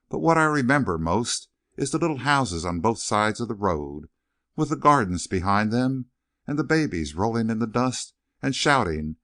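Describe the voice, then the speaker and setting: A man reading an audiobook, voicing a gentle, wistful elderly male servant who speaks in a soft Southern drawl. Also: fairly low pitch.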